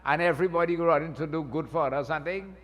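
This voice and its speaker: A pundit voicing a male demon of the dark age who begs for his life and bargains slyly, in a long temple hall reverb. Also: a little high, quick pace, lightly acted. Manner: begging, then bargaining slyly.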